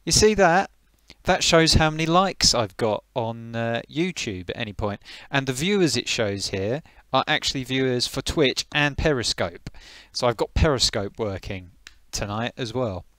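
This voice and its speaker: A man's voice: mid-range voice, lively intonation, normal speed, hardly any pauses, fairly bright tone, dry recording. A man casually chatting on a live stream, greeting viewers by name and thinking aloud as he tweaks his settings.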